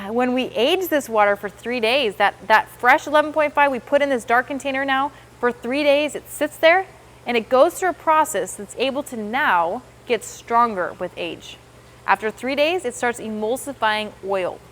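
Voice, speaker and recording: A woman walks her trainees through a product demonstration step by step. She talks with upbeat enthusiasm in a slightly high voice and slips into the customers' reactions as she goes. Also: moderate pace, fairly bright tone. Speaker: sales trainer.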